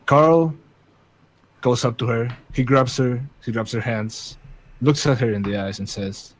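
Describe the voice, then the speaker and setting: Slow, thoughtful man playing the game. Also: mid-range voice, low-quality recording. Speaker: player. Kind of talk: tabletop game play.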